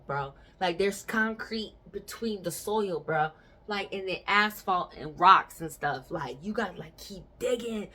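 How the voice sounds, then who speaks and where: A woman's voice: lowish voice, fairly bright tone. A young adult woman hosting a podcast, chatting casually and telling stories frankly with bursts of laughter. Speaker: podcast host.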